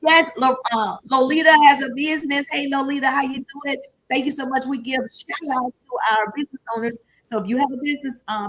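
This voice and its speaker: A woman business coach leading a live-streamed training, upbeat and chatty, giving shout-outs to her viewers. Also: fairly high pitch, rough recording.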